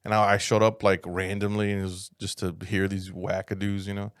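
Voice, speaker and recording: A young man co-hosting a casual comedy podcast, telling profane, animated stories. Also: lowish voice, brisk, clear, resonant tone, no echo, studio quality. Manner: profane, animated storytelling with acted-out quotes. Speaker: podcast co-host.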